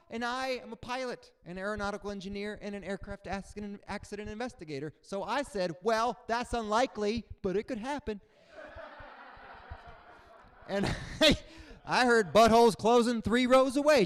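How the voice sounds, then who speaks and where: A young adult man performing a stand-up comedy set, animated, jumping into loud high voices for the people in his stories. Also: normal speed, clear, resonant tone. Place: comedy stage before a live audience.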